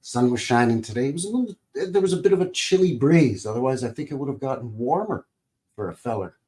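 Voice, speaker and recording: A man with a mid-range voice hosts a relaxed livestream. He rambles in a folksy, joking way and keeps calling out viewers by name. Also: mid-range voice, quick pace. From Calgary, Alberta, Canada. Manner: jokey, folksy, rambling, greets chat by name. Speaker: livestream host. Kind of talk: casual livestream chat.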